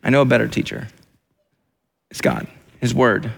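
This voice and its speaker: A man's voice: medium pitch, steady tone, moderate pace, creaky. A man preaching a sermon as pastor, in a repetitive, emphatic way with many restarts.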